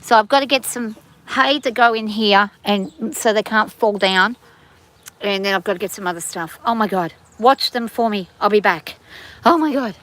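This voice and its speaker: A woman vlogging casually on a farm, gushing excitedly and using baby talk with her animals. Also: fairly high pitch, a little slow, pauses often. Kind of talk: casual vlog, talking to animals and viewers.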